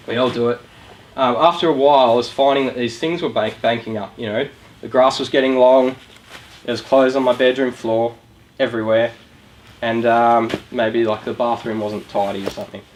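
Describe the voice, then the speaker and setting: A man's voice: mid-range voice, a little hiss or hum, poor audio. A young Australian man giving a casual motivational talk to a young audience, chatty and asking them questions. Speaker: youth charity speaker. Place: room with a live audience.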